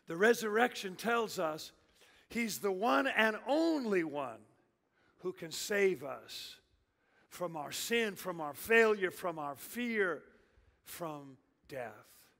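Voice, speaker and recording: A middle-aged man preaches a sermon in a high, bright voice, taking his time with each line. He swings from ringing shouts to hushed, dropped phrases. A long reverb from a large church hall trails his words. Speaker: pastor.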